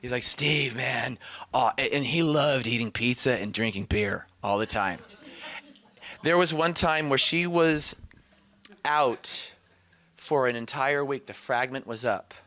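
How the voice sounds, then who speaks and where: A man's voice: mid-range voice, a little slow, sharp tone. A man teaching a session, telling stories with enthusiasm and frequent laughter. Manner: enthusiastic storytelling, laughs often.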